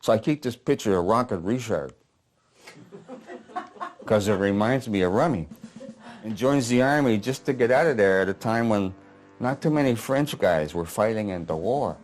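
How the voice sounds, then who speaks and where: A man reading as a gruff, haunted old veteran. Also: on the low side, expressive, moderate pace, long pauses, darkish tone, close to an everyday voice. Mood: weary. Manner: coarse, blunt storytelling with swearing. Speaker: playwright reading his play aloud. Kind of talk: dramatic monologue reading. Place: apartment living room.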